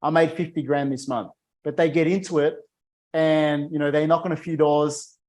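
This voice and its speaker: A man's voice: on the high side, fairly even intonation, moderate pace, darkish tone. A man hosting a casual interview, laid-back and friendly in his phrasing, saying dude and man. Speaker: podcast host.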